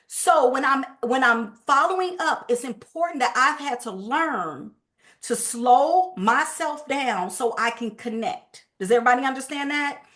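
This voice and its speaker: A woman giving a lively, emphatic sales training talk, with speech and a quick habitual pace. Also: high-pitched.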